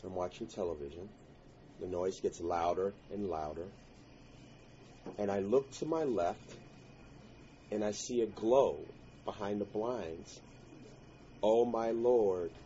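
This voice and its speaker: A man's voice: low voice, a little slow, long pauses, warm tone, dull audio, a little hiss or hum. A man telling a personal story in an earnest, intense way, breaking into prayerful exclamations. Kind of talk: personal story told to listeners.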